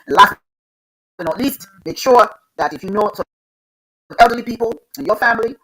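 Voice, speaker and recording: A woman's voice: medium pitch, a bit bright, husky, low-quality recording. A woman hosting a live online show, giving earnest, loose spiritual advice over a video call. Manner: earnest, advising, loose and conversational. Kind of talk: casual spiritual advice talk.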